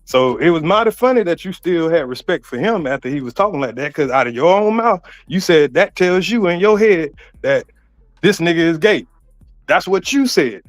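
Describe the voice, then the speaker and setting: Defensive man in a heated argument. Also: sits high. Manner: defensive, repeats himself. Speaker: panelist in online debate.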